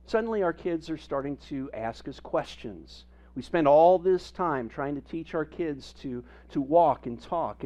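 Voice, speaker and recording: A male pastor delivers a sermon in a lively, humorous storytelling way. His voice sits a little high for a man. The recording is somewhat dull and lo-fi.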